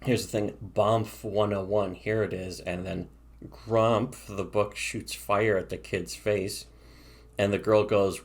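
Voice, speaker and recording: A man's voice: lowish voice, steady tone, slow pace. A man co-hosting a podcast, chatting casually and sarcastically about webcomics, rambling and swearing a lot. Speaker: podcast co-host reviewing webcomics. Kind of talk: casual profane podcast chat.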